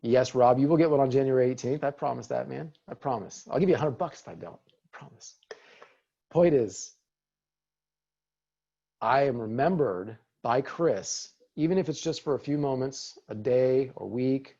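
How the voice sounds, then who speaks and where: A man's voice: mid-range voice, moderate pace, gravelly, warm tone, dull audio. A man leading a casual webinar on using video in business, upbeat and encouraging, talking to attendees in a chat. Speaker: real estate team leader giving a video training.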